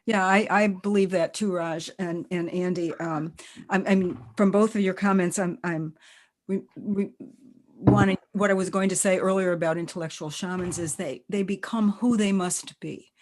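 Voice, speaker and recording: A woman's voice: lowish voice, steady tone, moderate pace, darkish tone. A woman hosting a panel discussion, speaking thoughtfully with hesitant restarts. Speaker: panel host. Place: video call.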